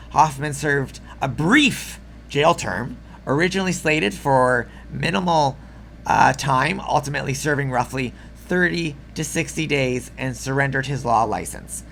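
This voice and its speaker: A man delivering an opinionated video commentary in a sarcastic, profane, exasperated rant, with a slightly rough throat. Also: a little high, fairly bright tone, a little hiss or hum. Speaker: political commentary host.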